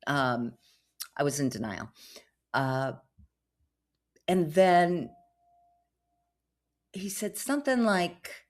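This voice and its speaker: A middle-aged woman podcast host rambles through a personal story in a chatty, casual monologue packed with asides and fillers. Her voice is a low rumble with a sing-song lilt, and she speaks slowly with long pauses.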